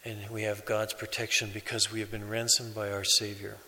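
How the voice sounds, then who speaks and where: A man preaching a sermon as a priest, in a slow, measured way with pauses. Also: fairly low pitch, completely flat delivery, pushed and bright, in a large hall, poor audio.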